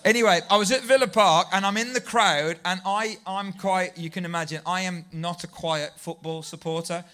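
A man preaching a sermon, telling stories in a lively, self-deprecating way and building to near shouts. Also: sits high, moderate pace. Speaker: pastor.

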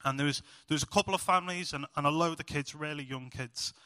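Young guy giving a casual sermon, bright voice, telling funny stories on himself. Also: fairly high pitch, quick pace, no echo, in a large hall. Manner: chatty, self-mocking storytelling with animated asides. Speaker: preacher.

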